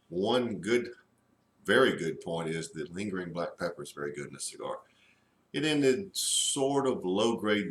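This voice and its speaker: A man reviewing a cigar in a slow, halting way with many fillers. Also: low-pitched, roomy sound. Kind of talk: casual review.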